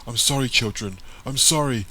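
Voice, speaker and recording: An anguished alien guardian speaks slowly and urgently, pained and pleading, as a man puts him on. The voice sits a touch higher than plain talk with a bright, tense edge. A storybook creature, voiced in one reader's audiobook. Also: rough recording.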